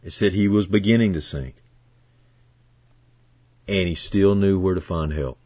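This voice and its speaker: A male pastor delivers a sermon in a lowish voice, earnest and heartfelt. He drops to near-quiet, then builds to loud, emphatic declarations. The sound is dry and close, with no room echo. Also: measured pace. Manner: earnest preaching that swings from hushed to loud and emphatic.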